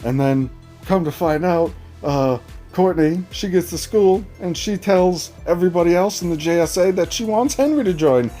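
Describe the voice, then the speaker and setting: A man recapping a TV episode in a casual, profane, animated way, sarcastic and acting out characters' lines. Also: sits high, normal speed, faint music behind. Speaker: TV episode reviewer.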